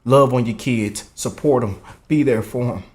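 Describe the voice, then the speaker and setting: A young man, talking through an emotional reaction commentary. His delivery is heartfelt and earnest, peppered with "man" and "y'all". His voice sits at an ordinary middle pitch. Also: moderate pace, a little mellow. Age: 20s. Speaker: reaction channel host.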